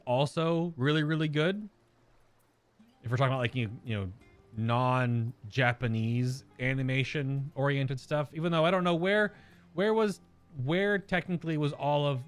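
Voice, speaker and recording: An American man chatting casually while streaming a game, rambling and searching aloud for words. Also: mid-range voice. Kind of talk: casual gameplay chat.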